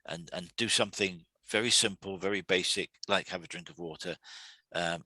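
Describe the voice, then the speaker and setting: A man hosting a weekly talk series, explaining calmly in a halting way, often repeating words and restarting. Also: low-pitched, no echo. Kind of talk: solo talk to camera.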